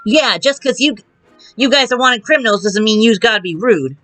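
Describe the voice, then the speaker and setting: Streamer putting on a dumb slangy thug voice, bright and punchy, kinda slow. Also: mid-range voice, animated, no echo, soft background music, natural voice. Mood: scheming. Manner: streetwise tough-guy drawl, slangy. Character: pair of dimwitted small-time male crooks. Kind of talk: live reading of game dialogue.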